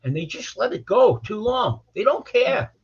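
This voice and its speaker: Gravelly older man telling stories. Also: very high voice, sing-song, normal speed. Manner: blunt, anecdotal, repeats words when starting sentences. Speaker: criminal defense lawyer, guest. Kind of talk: storytelling interview. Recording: dull lo-fi audio.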